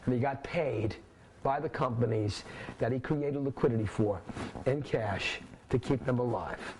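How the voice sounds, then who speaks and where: A finance instructor with a mid-range voice teaches a class in a casual lecture style, telling animated stories and acting out dialogues with clients. He often quizzes the class to check they're following, and the rough recording carries slight background noise.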